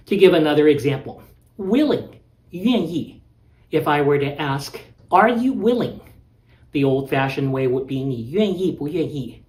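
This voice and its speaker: A man's voice: a little high, darkish tone. A male language teacher giving a patient, methodical lecture and stressing key words. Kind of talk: explanatory lecture. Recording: echoey room.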